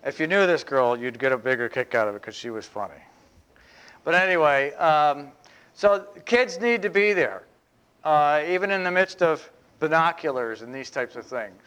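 Smooth-voiced pastor preaching conversationally. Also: male voice, on the high side, expressive, a bit bright. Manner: conversational, with humorous asides; emphatic, slowing down to stress phrases. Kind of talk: sermon.

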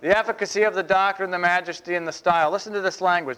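A man preaching a sermon as pastor, chatty, with humorous asides, and slowing down to stress key phrases. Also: high-pitched, fairly even intonation, a bit bright, smooth.

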